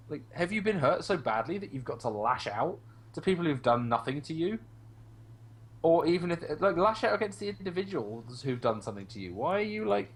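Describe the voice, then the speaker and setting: A man's voice: fairly high pitch, very animated, moderate pace. A man in a casual online group discussion, talking heatedly with swearing and mocking the voices of people he argues against. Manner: heated, profane, mimics opponents in mocking voices.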